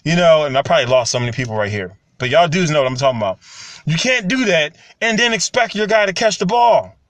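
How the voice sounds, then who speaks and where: A man, talking casually and getting animated when he tells stories. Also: fairly high pitch, fast, dry recording. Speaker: commentary channel host. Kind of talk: casual monologue to camera.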